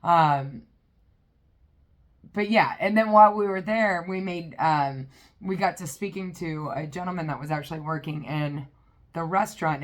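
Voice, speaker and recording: A woman vlogger telling a personal story in a chatty, rambling way, with many fillers. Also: deep voice. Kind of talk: casual storytelling.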